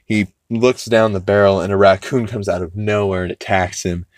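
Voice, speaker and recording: Guy with a lowish voice casually rambling thru an episode recap, swears a lot, dry close sound. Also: steady tone, dry recording. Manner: rambling, quotes characters in quick put-on voices, swears freely. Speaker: podcast host recapping an episode.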